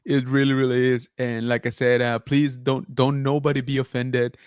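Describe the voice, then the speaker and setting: A man's voice: medium pitch, level tone, moderate pace, clean tone, dry recording, studio quality. A man hosting a casual livestream chat show, talking loosely with lots of fillers and reading viewer comments aloud. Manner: chatty, many fillers, reads chat aloud. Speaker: podcast host.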